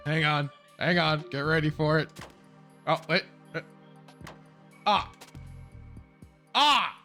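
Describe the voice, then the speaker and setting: A man's voice: fairly high pitch, takes it slowly, pushed and bright, faint music behind. A man streaming a video game, making sarcastic jokes and talking to his chat as he plays. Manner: joking, sarcastic, talks to chat. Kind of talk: let's-play commentary.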